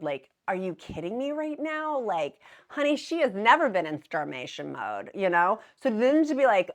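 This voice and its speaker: Chatty woman, lively pitch. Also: fairly quick, few pauses. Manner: chatty, jokey, laughs at herself, says "y'all" and "honey". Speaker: weight-loss vlogger. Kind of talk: casual chat to camera.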